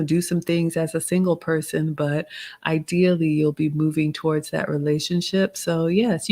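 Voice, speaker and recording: Answering her chat during a relaxed livestream Q&A, this woman in her forties speaks with a Southern accent from the American South. Her lowish, darkish voice delivers polished, motherly advice as she reads viewer comments out loud.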